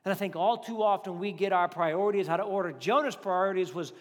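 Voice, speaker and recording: High-voiced pastor preaching in a big hall. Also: male voice, fast. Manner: conversational, animated preaching with acted-out quotes. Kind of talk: sermon. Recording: reverberant hall.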